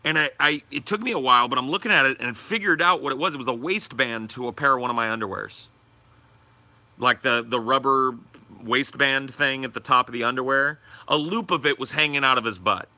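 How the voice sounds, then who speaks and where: A man's voice: mid-range voice, fairly quick, bright, forceful tone, no room sound. A young man co-hosting a podcast, telling a rambling, crude story and swearing a lot. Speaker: podcast co-host.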